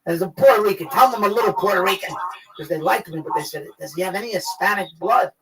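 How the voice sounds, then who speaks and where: A man with a New York accent telling a profane story as a guest, loud and excitable, acting out the quotes. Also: high-pitched, fast talker. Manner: loud, excitable, swears a lot, acts out quotes. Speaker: guest actor. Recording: distant mic, noisy crowd behind.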